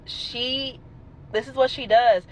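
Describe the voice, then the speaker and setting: A young adult woman telling a casual storytime, animated and emphatic, swearing freely. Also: on the high side, slow pace, a little hiss or hum, rough recording.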